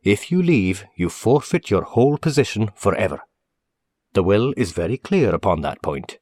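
A man's voice: lowish voice, very animated, moderate pace, darkish tone, no echo. A man putting on a fussy, eager league manager. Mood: earnest. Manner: earnest, emphatic, formal.

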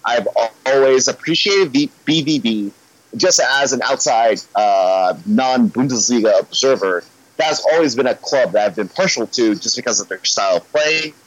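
A man's voice: medium pitch, moderate pace, no echo, highs cut off. A man speaking as a guest on a football podcast, talking in a casual, ranty way and swearing when he gets worked up.

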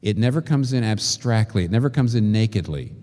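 A man preaching a sermon, working through rhetorical questions and slow, emphatic repetitions. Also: fairly low pitch, lively intonation, dark tone. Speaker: pastor. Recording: long reverb of a large hall.

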